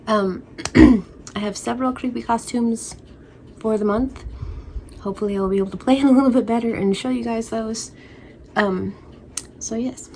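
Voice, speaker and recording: A woman's voice: on the high side, steady tone, normal speed, gravelly, long pauses, darkish tone, a little hiss or hum. A woman crochet vlogger chatting casually at home, rambling and playful with spooky asides. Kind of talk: casual chat.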